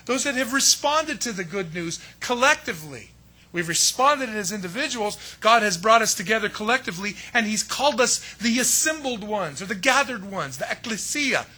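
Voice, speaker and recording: Fields: Sex: man. Role: pastor. Style: emphatic sermon, bright voice. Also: high voice. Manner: emphatic, with rhetorical questions and exasperated asides.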